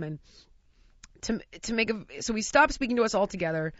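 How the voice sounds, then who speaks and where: A woman from the United States telling a long funny story in casual chat, animated and often laughing as she acts out what people said. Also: mid-range voice, fairly quick, dry recording. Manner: animated, laughs through her own story, acts out quotes. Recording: dry, slightly dull lo-fi sound.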